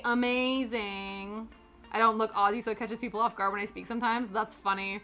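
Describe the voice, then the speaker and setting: A chatty woman from Canada talks with her stream viewers, greeting them by name and laughing often. Her voice sits a little high and rings bright and forceful. Soft music plays faintly behind her. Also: fairly even intonation, moderate pace. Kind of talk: casual chat with live chat while cross-stitching.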